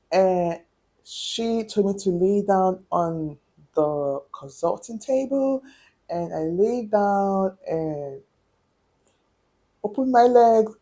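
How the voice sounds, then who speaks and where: Slow-talking breathless woman vlogger. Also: medium pitch. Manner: animated, acts out quoted dialogue. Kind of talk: casual storytelling to camera.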